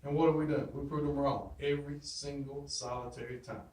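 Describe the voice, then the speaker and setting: A man's voice: medium pitch, level tone, brisk, darkish tone. A man teaching his class, giving an emphatic pep talk with repeated catchphrases and questions to the students. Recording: roomy echo, from far off.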